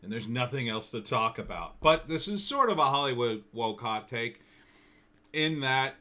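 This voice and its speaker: A man's voice: medium pitch, expressive, normal speed, bright, forceful tone. A man giving an opinionated, sardonic commentary monologue in a loose, conversational way. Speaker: political commentator.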